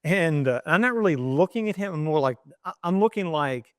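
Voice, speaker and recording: A middle-aged man from East Baltimore, a journalist telling an animated anecdote in an interview, with frequent restarts. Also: a little high, fairly quick, no room sound, clean studio sound. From East Baltimore, USA.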